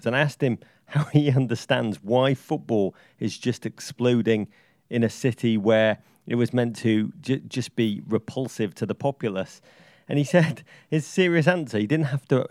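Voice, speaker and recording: A man co-hosting a podcast, telling an excitable, rambling story in casual chat. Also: mid-range voice, moderate pace, no room sound, studio quality. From England. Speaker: podcast co-host.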